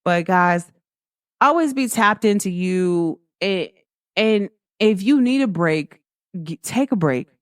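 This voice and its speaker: Taking her time, a young woman with a smooth, medium-pitched voice hosts a casual spiritual pep talk. She spins lively stories, performs the voices she quotes, and often breaks into laughter. It's studio quality with no room sound.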